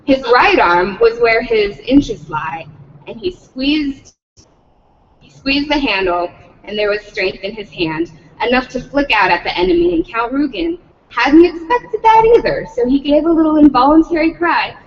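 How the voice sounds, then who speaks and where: Woman reading aloud with lively pitch. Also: normal speed, in a large hall, distant mic, highs cut off, slight background noise. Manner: adds profanity, breaks off laughing. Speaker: reader at a public read-in.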